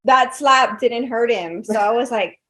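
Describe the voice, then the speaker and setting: A woman from South Texas with a high voice tells stories on a podcast. She is animated and chatty and fills her talk with little fillers. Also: a little slow. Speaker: guest. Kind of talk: casual podcast storytelling.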